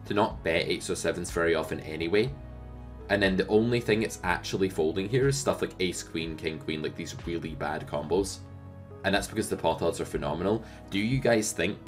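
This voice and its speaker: A man teaching poker strategy, explaining in a lively way and asking the viewer rhetorical questions. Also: low voice, moderate pace, soft background music. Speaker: poker coach.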